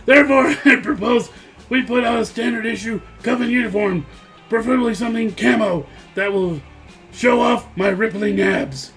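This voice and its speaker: Man playing a bossy witch girl with a military streak, brisk and pushy, high gravelly voice. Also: over music. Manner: brisk, self-assured, pushy.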